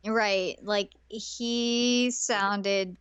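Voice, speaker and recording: A woman co-hosting a casual podcast, throwing in quick teasing quips and laughing often. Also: medium pitch, steady tone, a bit bright, clear, resonant tone, no room sound, dull audio. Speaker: podcast co-host. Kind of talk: casual chat.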